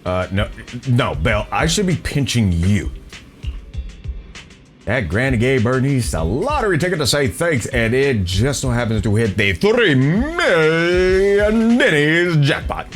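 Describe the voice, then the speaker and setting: Over soft background music, a male gameplay streamer with a medium-pitched, sing-song voice casually comments on a video game playthrough in an unhurried way. He's playful, reading the dialogue and repeating phrases just for fun.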